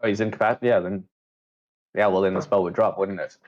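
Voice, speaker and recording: A man with a lowish voice runs a tabletop game as dungeon master. He talks casually and checks the rules aloud as he goes. The audio is dull and lo-fi. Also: fairly even intonation, a little fast.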